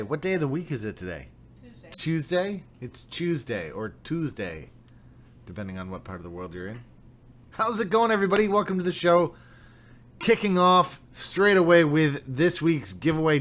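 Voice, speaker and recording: A man's voice: fairly high pitch, sing-song, brisk, fairly bright tone, a little hiss or hum. A young man hosting a casual livestream, upbeat and chatty, greeting viewers by name. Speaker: livestream host.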